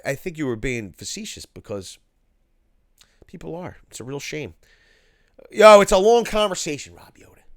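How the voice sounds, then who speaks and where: A relaxed man from Philadelphia hosts a casual livestream and reads out viewer comments with easygoing slang. His voice sits mid-range and sounds close and dry, with no room behind it. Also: mid-range voice, dry recording. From Philadelphia, USA. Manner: laid-back, slangy, says "cuz" and "yo". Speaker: host reading live chat.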